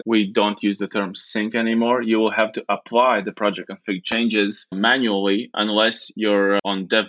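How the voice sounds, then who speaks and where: Soft-spoken man on dull, dry audio. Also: fairly low pitch, no room sound. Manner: measured, slightly hesitant, laughs easily. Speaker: lead engineer, podcast guest. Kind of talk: casual technical podcast chat.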